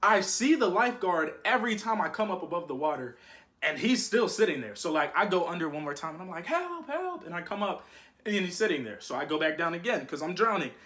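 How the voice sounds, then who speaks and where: Young guy telling a story, slangy and animated, bright tense voice, kinda high. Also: fast talker. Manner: slangy, animated, keeps saying "you feel me". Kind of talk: casual storytime monologue.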